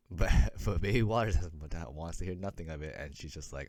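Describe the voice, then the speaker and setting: A man hosting a casual sports recap, chatty, voicing the players' reactions in quick asides. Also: sits low, a little mellow, dry recording. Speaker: host, sports commentator.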